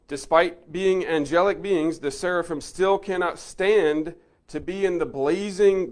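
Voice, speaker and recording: A man giving an earnest Bible teaching, stressing key words and then dropping to a soft, reflective tone. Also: fairly high pitch.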